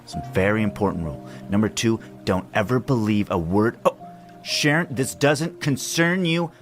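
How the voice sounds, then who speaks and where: A man's voice: on the low side, expressive, moderate pace, lightly acted. A man voicing a bossy house cat. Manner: bossy, lecturing. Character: bossy male house cat soothing a kitten. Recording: clip with loud music behind.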